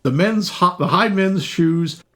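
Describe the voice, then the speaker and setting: A man's voice: high-pitched, a little slow. A man in his sixties co-hosting a movie podcast, chatting casually and playfully, slipping into silly bits. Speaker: podcast co-host. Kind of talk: casual chat about movies.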